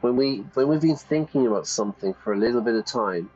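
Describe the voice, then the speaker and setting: A man's voice: medium pitch, expressive, fast, warm tone, husky, dull audio. A British or Irish man teaching English while reading game dialogue aloud and explaining phrases. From Britain or Ireland.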